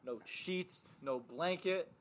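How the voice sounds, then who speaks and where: A man's voice: fairly high pitch, takes it slowly, fairly bright tone. A young man in casual podcast banter, teasing his co-host with laughing jabs.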